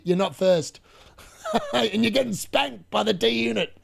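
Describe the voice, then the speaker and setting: This young fantasy football streamer's voice sits high, unhurried and creaky. He commentates a live match excitably, laughing frequently and talking to his chat.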